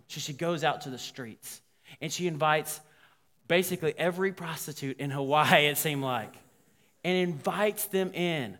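A man, a pastor, telling a story in a sermon, animated and voicing the people in it. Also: fairly high pitch, normal speed. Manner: animated, quoting characters. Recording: long hall reverb.

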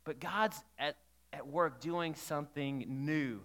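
Bright-voiced man preaching in a reverberant hall. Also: a little high, slow. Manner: conversational, engages the congregation with questions. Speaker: pastor. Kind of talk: sermon. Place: church hall.

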